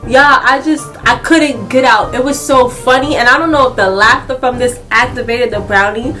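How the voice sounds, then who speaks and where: A young adult woman telling a casual story-time vlog, animated and laughing a lot as she talks. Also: fairly high pitch, normal speed, soft background music. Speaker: vlogger.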